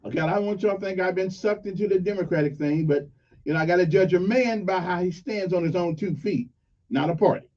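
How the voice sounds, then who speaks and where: A man's voice: high voice, fairly quick, a little mellow, recorded from a distance. A man, hosting a morning call-in radio talk show in a folksy, rambling, emphatic way. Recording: dull lo-fi radio sound, a bit off-mic.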